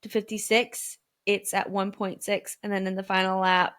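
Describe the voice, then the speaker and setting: Woman, podcast co-host, casual race recap, animated, acts out quotes. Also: mid-range voice, normal speed.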